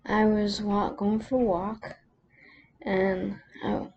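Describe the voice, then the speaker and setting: Slow, tearful woman telling a story. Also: medium pitch, flat delivery, highs cut off, a little hiss or hum. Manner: tearful, halting, with many pauses and restarts. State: close to tears. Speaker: vlogger. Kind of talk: emotional personal storytelling.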